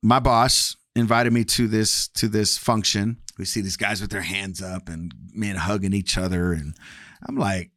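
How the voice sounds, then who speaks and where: A man's voice: on the low side, moderate pace, a bit bright, dry recording, studio quality. Candid man telling his life story. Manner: candid, acts out past dialogue with varied voices. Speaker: guest sharing testimony. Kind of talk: personal testimony, casual storytelling.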